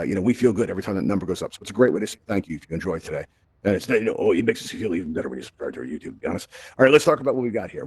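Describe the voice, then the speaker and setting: A man presents a casual tech session in a virtual reality space, talking fast and tossing in frequent checks with his listeners. His voice sits a little low and comes through dry and close on a headset microphone. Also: darkish tone, dry recording. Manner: fast, chatty, keeps checking in with "right?". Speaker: event host.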